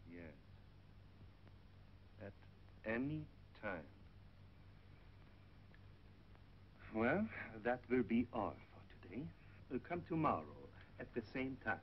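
An actor playing a smooth-talking middle-aged male shop owner with oily, ingratiating charm, in 1930s film acting on a dull 1930s film soundtrack. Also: mid-range voice, big pitch swings, takes it slowly, pauses often.

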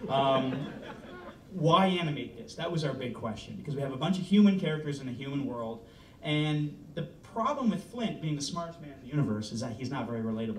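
A man from Canada, a film director, pitching a story to an audience in a loose, joking, casually swearing way. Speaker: film director giving a talk. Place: presentation room. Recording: roomy, from far off, faint rumble.

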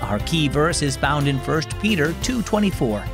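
A man's voice: fairly high pitch, sing-song, moderate pace, over music. Upbeat male host of a kids' show. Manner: upbeat, friendly storytelling. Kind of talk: scripted children's devotional narration.

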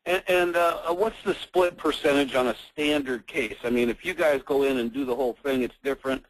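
Brisk fast-talking male trainer. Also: mid-range voice, no room sound, low-quality recording. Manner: brisk, pushes questions forward. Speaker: host and trainer. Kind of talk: conference-call training interview.

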